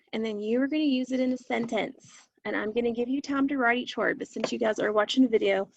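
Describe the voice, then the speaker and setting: A woman's voice: fairly high pitch, vocal fry, dull audio. A woman teacher leading a recorded phonics lesson for children, patiently repeating each word for them to echo.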